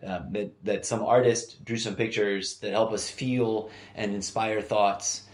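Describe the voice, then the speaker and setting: Rambling low-voiced man in an echoey room. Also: fairly even intonation, unhurried, darkish tone. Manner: meandering, hesitant, many fillers and restarts. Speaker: podcast host. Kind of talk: rambling solo podcast monologue. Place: home room used as studio.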